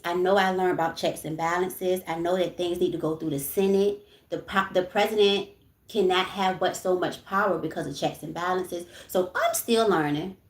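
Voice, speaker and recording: A young woman speaking, hosting a casual livestream. She talks in a frank, chatty way, swears freely and keeps checking in with her listeners. Her voice sits at a middle pitch and rings a little in an echoey room. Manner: chatty, frank, swears freely, keeps saying "you know what I'm saying". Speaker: livestream host.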